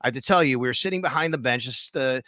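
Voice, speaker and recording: A middle-aged man, hosting a casual sports podcast and retelling stories with animated detail. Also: mid-range voice, quick pace, no echo, clean studio sound. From Western New York. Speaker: podcast host.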